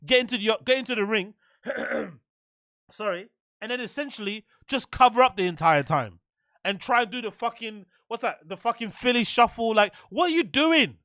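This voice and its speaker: A man's voice: sits high, normal speed, a bit bright, no room sound, clean studio sound. A man hosting a show, ranting in profane, exasperated bursts and repeating himself. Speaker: show host. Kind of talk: ranting commentary.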